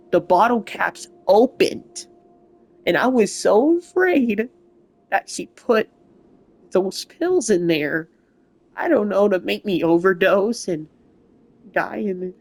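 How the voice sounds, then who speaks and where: Young gamer talking into a console mic, emotional and halting, keeps rambling, middle pitch. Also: gravelly. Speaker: gaming channel host. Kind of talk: personal update vlog. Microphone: console mic without camera.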